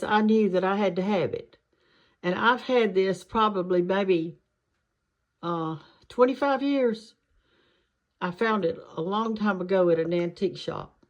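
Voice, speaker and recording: Folksy older Southern woman cooking at home. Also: mid-range voice. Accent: Southern American. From American South. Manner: folksy, homey, talks to viewers as y'all and honey. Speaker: cooking show host. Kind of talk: chatty home cooking demonstration. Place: home kitchen. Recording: kitchen noise behind voice. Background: frying and sizzling of cooking.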